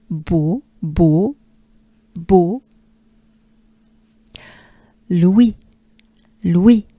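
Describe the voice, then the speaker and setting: A woman from France with a French accent, patiently coaching pronunciation and repeating words slowly with soft breathy asides. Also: lowish voice, no room sound. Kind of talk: slow pronunciation lesson.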